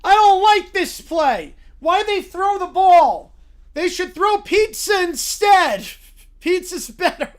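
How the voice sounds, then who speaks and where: A whiny, excitable young football fan , as a man puts him on. He talks high and loud and complains about the game in a singsong voice that jumps all over. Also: slow pace, exaggerated voice.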